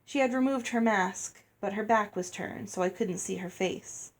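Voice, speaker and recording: A woman reading a chapter of a novel aloud in a steady, measured storybook manner. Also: medium pitch. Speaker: reader.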